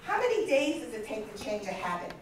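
A woman in her fifties giving a motivational talk at a conference, telling stories in a lively way and acting out the voices she quotes. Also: fairly high pitch, brisk, background noise. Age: 50s. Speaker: conference speaker. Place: large conference hall. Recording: echoey hall from far off.

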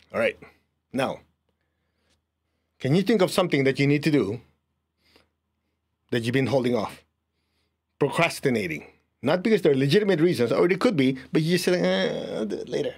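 A man's voice: medium pitch, big pitch swings, moderate pace, pauses often, husky. A man teaching an energy healing class, leading a live audience through a guided exercise. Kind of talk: guided group lesson.

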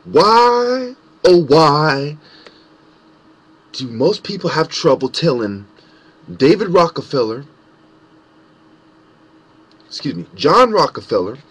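A man ranting angrily to camera with heavy swearing and mocking sarcasm, his voice swinging between loud outbursts and low muttering. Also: sing-song, unhurried, long pauses, husky. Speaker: conspiracy vlogger. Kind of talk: angry profane rant to camera.

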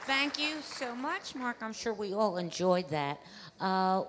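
A woman hosting the question time after a talk, friendly and brisk. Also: fairly low pitch. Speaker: event host, moderator. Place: indoor lecture hall with an audience. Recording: long hall reverb, faint crowd noise.

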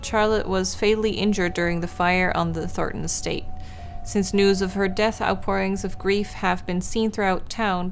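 A young woman streamer casually commenting on a video game, swearing and reading text aloud. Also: medium pitch. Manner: chatty, swears, reads on-screen text aloud. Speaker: gaming streamer. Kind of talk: casual let's-play commentary.

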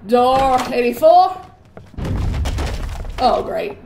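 A woman's voice: sits high, very animated, drawn-out words, gravelly, a little mellow. A young woman giving jittery, rambling commentary on a horror game and repeating words in nervous bursts. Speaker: gaming YouTuber. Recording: echoey room with faint noise.

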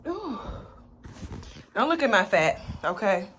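A woman's voice: mid-range voice, expressive, normal speed, rough recording. A young woman in a casual vlog, chatting bluntly and swearing freely into a handheld phone. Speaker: vlogger. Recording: loud street traffic noise. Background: passing cars.

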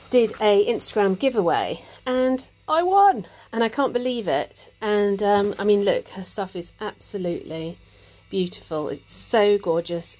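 Woman, casual craft vlog, chatty, thinks aloud, medium pitch. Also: darkish tone. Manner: chatty and chirpy, lots of ums, thinks aloud about her work. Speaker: needle felting vlogger.

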